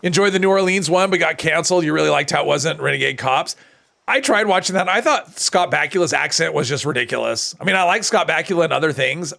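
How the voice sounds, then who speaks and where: A man's voice: a little high, fast, vocal fry, sharp tone. A man chatting casually on a live stream while he plays a game, reading chat and answering it, his voice strained and tired.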